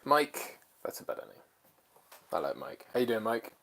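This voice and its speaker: A man, co-hosting a casual livestream chat, rambling and relaxed with lots of fillers, feeling a bit lethargic. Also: lowish voice, normal speed, creaky. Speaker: channel co-host.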